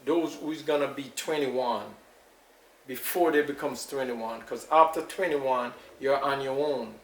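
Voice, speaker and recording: An older man with a Jamaican accent, recalling his family's past in an unhurried, storytelling way during an interview. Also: mid-range voice. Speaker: elder being interviewed. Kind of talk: casual recollection. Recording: echoey room, far from mic, faint noise.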